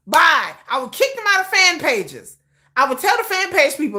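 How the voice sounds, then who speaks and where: A woman's voice: high voice, very animated, moderate pace, bright, forceful tone, a little hiss or hum. A middle-aged woman from the United States hosting a livestream, ranting emphatically and profanely with lots of repetition. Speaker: livestream host. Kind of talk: casual livestream rant.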